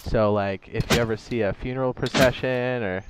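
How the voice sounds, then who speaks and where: A man's voice: medium pitch, fairly even intonation, a little fast, very noisy. A man live-streaming a survival game, rambling casually, talking to himself and reading chat aloud, saying "dude" often. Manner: rambling, chatty, says "dude" a lot, talks to himself; reads chat messages aloud.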